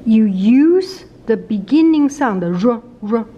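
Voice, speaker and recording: A woman with a Chinese accent, a native Chinese speaker, teaching pronunciation in a casual video lesson and repeating sounds many times, slowly and patiently. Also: a little high, lively intonation, dark tone, lo-fi sound.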